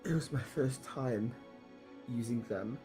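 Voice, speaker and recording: A man voicing a remorseful young woman hero who explains herself in halting apologies. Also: medium pitch, over music, close to an everyday voice. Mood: defensive.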